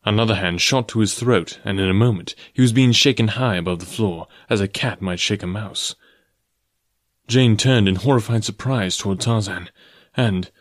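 A man narrates a novel in a steady, even reading voice. His pitch sits on the low side. The recording is close and dry. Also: dry recording. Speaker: audiobook narrator. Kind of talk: scripted narration.

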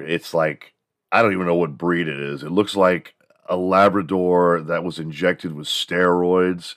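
Low voiced guy ranting on his podcast, swears a lot, dry close sound. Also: a bit bright, dry recording. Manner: profane, rambling storyteller; acts out quoted voices in bursts. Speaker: podcast host. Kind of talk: casual comedic rant.

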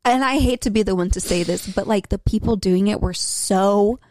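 A woman's voice: mid-range voice, normal speed, darkish tone, no echo. A young adult woman co-hosting a podcast in casual chat, blunt and profane, acting out her own replies with energy. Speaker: podcast co-host.

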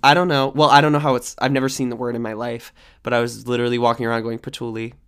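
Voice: medium pitch, little pitch movement, very fast, a bit bright, smooth. Joking, giggly podcast co-host. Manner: joking, giggly, trails off mid-sentence. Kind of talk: casual chat.

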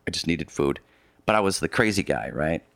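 A man's voice: a bass voice, expressive, brisk, vocal fry, a bit bright, no room sound. A man being interviewed, telling a long story in casual conversation. He rambles, restarts his sentences often and adds vivid asides. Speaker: interview guest recounting a polar expedition.

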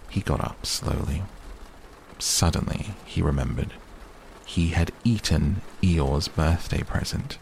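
A man reading a children's classic as a calm bedtime audiobook, slow and soothing. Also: rumbling low, vocal fry, a little hiss or hum. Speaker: narrator.

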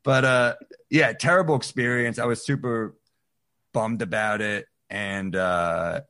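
A man's voice: fairly low pitch, unhurried. A man, a stand-up comedian, casually telling a story on a podcast and acting out the voices of the people in it. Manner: animated, acts out quoted voices.

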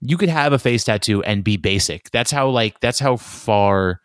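A man's voice: lowish voice, lively intonation, moderate pace, clear, resonant tone, no room sound, studio quality. A young man ranting casually and sardonically, swearing a lot as he rambles on. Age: young adult. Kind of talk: casual solo rant.

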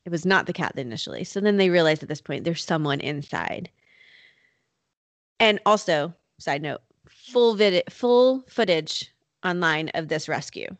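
Woman with a lowish voice, chatty true crime storytelling, lots of fillers, dry sound. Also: lively intonation, moderate pace, dry recording. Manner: conversational, many "like" and "you know" fillers. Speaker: podcast host telling a true crime story. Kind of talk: casual storytelling chat. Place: North Carolina.

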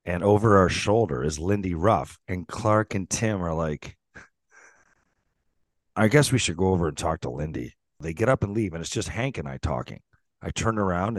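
A middle-aged man with a very low voice spins animated stories in a casual podcast chat. He swears freely and acts out the quotes. The recording is dry and close. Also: normal speed, dry recording. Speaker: podcast co-host, former pro hockey player.

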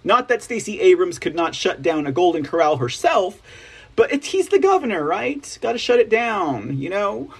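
A Texan man with a husky, rather high voice hosts an opinionated news show. He reads out articles and breaks off into sarcastic, rambling asides, tagging his points with "right?". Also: big pitch swings, normal speed. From Texas. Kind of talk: opinionated commentary reading news.

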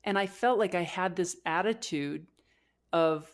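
A woman's voice: fairly low pitch, unhurried. A woman co-hosting a podcast, telling a candid, emotional personal story with frequent restarts and filler words. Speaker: podcast co-host.

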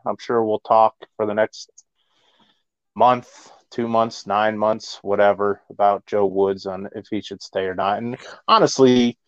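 A man hosting a casual sports talk show, measured and thoughtful. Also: on the low side, smooth, no room sound, lo-fi sound. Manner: measured, with fillers. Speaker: podcast host.

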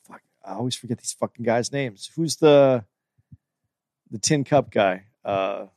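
A man's voice: mid-range voice, a little slow, darkish tone, dry recording. A man in a casual chat, laid-back and a bit hesitant, swearing now and then.

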